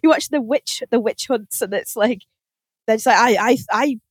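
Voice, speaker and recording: A woman chatting on a podcast, her voice sitting a bit higher than most and sounding close and dry, with no room around it. She tells stories in an animated way, laughs often and swears freely. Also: moderate pace, breathy edge, dry recording. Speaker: podcast host. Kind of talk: casual chat.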